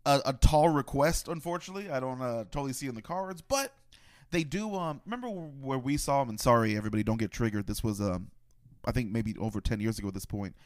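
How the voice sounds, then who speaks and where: A man's voice: medium pitch, animated, quick pace. A man co-hosting a casual podcast, laid-back and slangy, swearing now and then. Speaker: podcast co-host.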